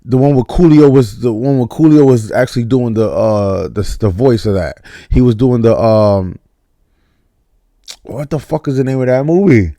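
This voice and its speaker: A man giving a casual spoken movie review, blunt and animated, with mock voices and some cursing. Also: mid-range voice, moderate pace, no room sound, clean studio sound.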